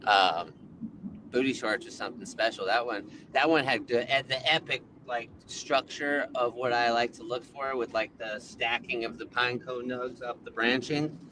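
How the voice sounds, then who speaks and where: A man's voice: medium pitch, fairly even intonation, moderate pace. Rambling man on a noisy phone call. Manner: rambling, loose, heavy on filler words. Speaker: seed breeder guest. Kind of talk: casual interview chat. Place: in a car while driving.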